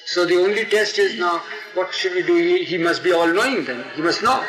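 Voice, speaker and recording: A man tells a story in a somewhat high voice, wandering into asides and acting out each figure. The recording is old archival tape with a roomy echo. Music plays clearly behind him. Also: brisk. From India. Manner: animated, digressive, acts out the quotes. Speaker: storyteller, interviewee. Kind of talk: oral history storytelling.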